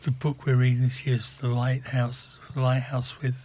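A man co-presenting on community radio, reading the news and dryly grumbling about books in a deadpan way. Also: mid-range voice, moderate pace, slight background noise. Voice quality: husky. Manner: dry, fussy, deadpan. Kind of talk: casual radio chat.

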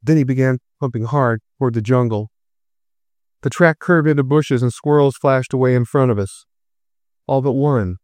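Male storyteller, smooth and resonant, dry close sound, measured reading. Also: mid-range voice, a little mellow, dry recording. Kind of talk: first-person story narration.

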